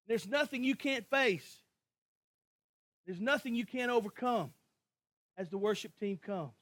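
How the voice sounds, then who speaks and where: Male pastor, very high voice, impassioned sermon delivery with rhythmic repetition. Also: a little slow, no room sound. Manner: impassioned preaching with swings from hushed to shouting.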